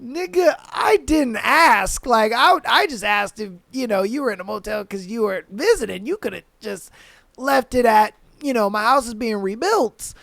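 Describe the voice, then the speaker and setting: A man's voice: very high-pitched, lively intonation, normal speed, creaky, a bit bright, dry recording, full character voice. A man voicing an exasperated male Uber driver who rants with disbelief. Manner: incredulous, ranting.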